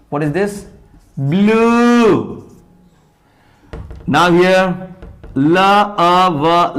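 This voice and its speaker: Male English teacher, Indian English accent, high and lively pitch, spells out words and answers his own questions. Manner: spells words letter by letter and counts sounds aloud. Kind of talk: phonetics lesson.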